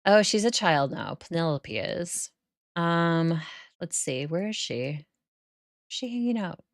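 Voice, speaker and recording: In an unhurried, animated way, this woman with a lowish voice chats with her viewers while she plays a life-sim game, laughing often, and no room sound is audible. Her accent is northern US, bordering on Canadian.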